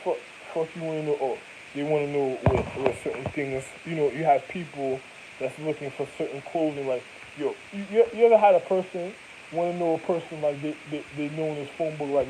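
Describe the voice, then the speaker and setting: A man's voice: fairly high pitch, a little fast, warm tone, a little hiss or hum, rough recording. A man in a rambling, profane monologue that jumps from topic to topic.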